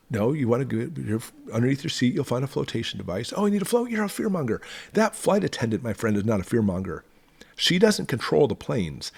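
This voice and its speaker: A man's voice: on the low side, a little mellow, slightly rough. A man hosting a survival channel, talking emphatically and conversationally to camera. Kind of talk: direct-to-camera talk.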